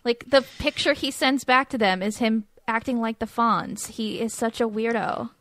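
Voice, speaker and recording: Higher-voiced woman co-host, dry sound. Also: normal speed, fairly bright tone, dry recording. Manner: enthusiastic and casual, swears, mimics characters. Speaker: podcast co-host. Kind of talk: casual book discussion.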